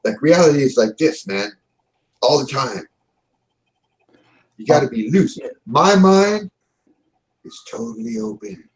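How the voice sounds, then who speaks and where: A man voicing a reckless, excitable male pilot who talks with carefree bravado. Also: medium pitch, unhurried, long pauses, close to an everyday voice. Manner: loud, drawling, carefree bravado.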